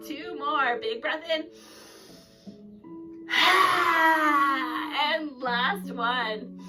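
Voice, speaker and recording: Playful woman teaching kids yoga over music. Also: sits high. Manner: playful, sing-song storytelling with animal sounds. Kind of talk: guided kids yoga class. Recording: distant mic with loud background music.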